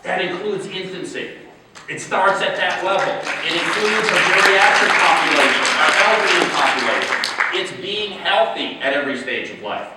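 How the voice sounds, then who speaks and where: A man giving a conference keynote as a public health official, rhetorical and emphatic, often asking the audience "right?" and slowing to stress key words. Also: sits high, very noisy. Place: large conference hall. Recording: echoey hall, voice from far off.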